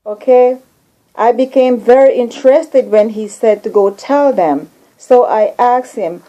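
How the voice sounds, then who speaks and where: A woman host earnestly recounting a dream as a message to her viewers, slow and deliberate. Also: on the high side, dark tone, poor audio. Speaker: video channel host.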